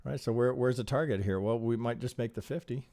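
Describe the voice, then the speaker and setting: Reviewing trading charts during a live broadcast, a man talks fast in a mid-range voice with vocal fry. His style is animated and rhetorical, marked by many restarts and tag questions.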